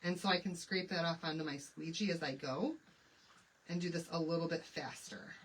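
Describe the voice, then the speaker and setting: A woman's voice: fairly low pitch, fairly even intonation, moderate pace, husky, distant mic, low-quality recording. A middle-aged woman from Michigan hosting a casual live craft demonstration, chatting and greeting viewers by name. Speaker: craft livestream host.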